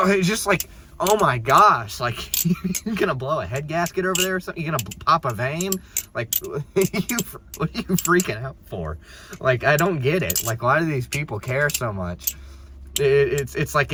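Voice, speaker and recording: A young man telling a casual story while driving, rambling, with many restarts and an exasperated tone. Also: mid-range voice. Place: in a car. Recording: noisy background.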